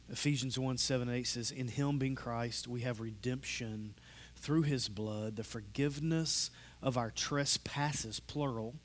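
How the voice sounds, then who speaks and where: A man preaching a sermon with passion, dropping to a hush and then rising to loud, drawn-out emphasis. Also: mid-range voice. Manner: impassioned preaching, swinging from hushed to loud and drawn out. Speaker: pastor. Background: loud soft instrumental music.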